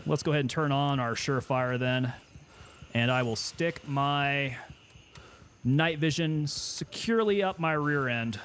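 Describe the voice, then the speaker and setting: A man's voice: mid-range voice, a little slow, a bit bright, slight background noise. A man streaming a game, chatting and joking in casual commentary. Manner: chatty, joking, self-amused.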